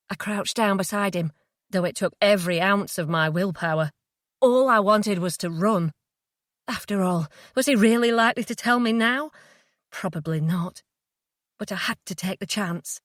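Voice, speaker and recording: A woman reading a suspense audiobook in a measured, dramatic way on a close studio mic. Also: medium pitch, a bit bright, no echo. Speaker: audiobook narrator. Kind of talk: scripted narration.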